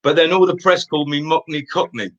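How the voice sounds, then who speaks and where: A man's voice: on the high side, quick pace, fairly bright tone, dull audio. A man in his fifties with an Essex accent, chatting casually as an interview guest and telling rambling anecdotes. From Essex, England. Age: 50s. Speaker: stage singer and guest. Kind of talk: casual chat.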